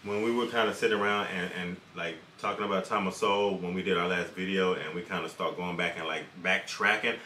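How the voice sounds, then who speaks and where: A man co-hosting a reaction video, thinking aloud in a halting way that repeats its words. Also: deep voice, steady tone, pushed and bright, slight background noise. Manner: halting and repetitive, musing aloud. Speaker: reaction channel co-host. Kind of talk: casual reaction commentary. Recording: roomy echo, distant mic.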